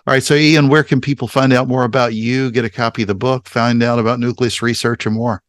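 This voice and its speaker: A man hosting a podcast, running through interview questions in a brisk, upbeat way. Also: medium pitch, fairly even intonation, no room sound, clean studio sound. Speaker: podcast host. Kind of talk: interview host asking questions.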